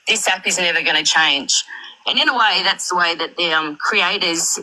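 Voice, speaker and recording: A woman commenting critically on a live stream, building her points slowly with repetition and fillers. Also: on the low side, bright, forceful tone, low-quality recording. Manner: measured, repeats points, many fillers.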